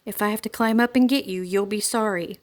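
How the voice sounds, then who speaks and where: A woman's voice: mid-range voice, brisk, close to an everyday voice. A woman reading aloud, voicing a stern father giving a firm order. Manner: firm, commanding.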